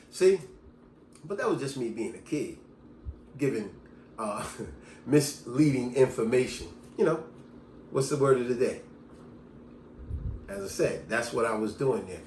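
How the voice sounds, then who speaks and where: A man vlogging, telling personal stories in a casual, animated monologue. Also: medium pitch, moderate pace, pauses often, slight background noise. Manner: animated storyteller, lively delivery. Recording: echoey room.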